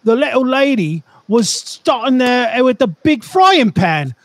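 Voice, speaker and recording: A man doing a Cockney tradesman, high-pitched, slow drawl, reading a job story aloud, broad put-on accent. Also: very animated, heavily acted. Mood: storytelling.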